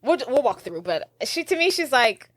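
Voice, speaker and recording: A woman's voice: high-pitched, sing-song, moderate pace, no room sound, studio quality. A young woman co-hosting a podcast, chatting casually about a movie and using lots of filler words. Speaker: podcast co-host. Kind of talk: casual chat recapping a movie.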